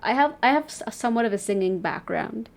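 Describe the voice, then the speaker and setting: A woman's voice: a little high, expressive, fast talker, creaky. A young woman streamer chatting casually and playfully with a friend, filling her talk with "like". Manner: chatty, lots of fillers, playful. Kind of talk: casual chat on a livestream.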